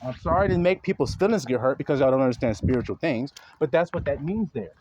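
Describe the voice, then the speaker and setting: Confrontational man preaching with a lively pitch. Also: a little hiss or hum. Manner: profane, confrontational, lecturing; slows down to read verses aloud. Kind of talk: sermon reading scripture. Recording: dull lo-fi recording.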